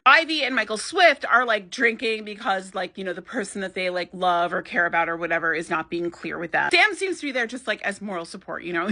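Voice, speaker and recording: A woman casually recapping a TV episode, chatty and expressive, acting out quotes with sarcastic asides. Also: medium pitch. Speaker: podcast host recapping a TV episode.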